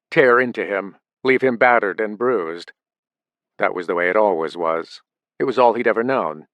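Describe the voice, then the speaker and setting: A man reading an audiobook in steady, measured scripted narration. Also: on the low side, dry recording.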